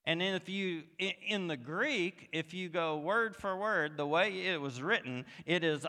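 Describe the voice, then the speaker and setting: A man preaching a sermon as pastor, moving from quiet reflection to emphatic, rising passages. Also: high voice, a little slow, hardly any pauses. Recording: long hall reverb.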